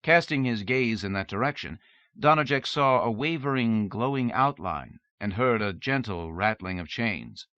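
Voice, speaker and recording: A male audiobook narrator reads in a steady, measured way. His voice is low-pitched and forceful, with a bright, hard edge. The close, dry recording is dull and lo-fi, like an old tape. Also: dry recording.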